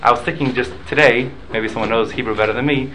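A man's voice: medium pitch, fairly even intonation, fast talker, bright, forceful tone, slight background noise, rough recording. A man teaching a Talmud class, explaining rules with examples and often repeating and restarting his words.

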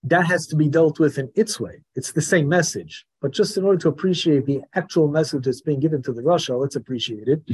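A man teaching a Torah class in a lively lecturing manner, acting out the voices of the people he describes. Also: a little high, a little fast, hardly any pauses, breathy edge. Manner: animated, acts out the questioner's voice.

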